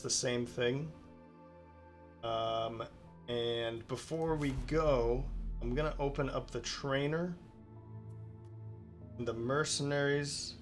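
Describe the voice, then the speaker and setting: A man in a relaxed, thinking-aloud mode, narrating his game decisions in casual commentary and pausing often on ums. His voice sits at an ordinary middle pitch, with faint music playing under it. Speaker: let's play host.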